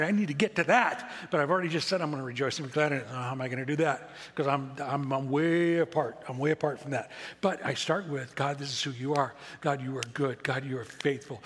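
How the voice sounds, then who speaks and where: This pastor's voice sits on the high side and sounds a bit bright, with a little hiss or hum on the recording. He preaches a sermon in a church sanctuary, conversational and self-deprecating, repeating key words for emphasis, while the echoey hall adds long reverb.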